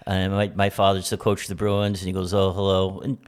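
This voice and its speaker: A man's voice: sits low, completely flat delivery, fairly quick. A man co-hosting a casual chat, asking questions and retelling stories eagerly. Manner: eager, asks questions, retells with quoted voices. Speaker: podcast co-host.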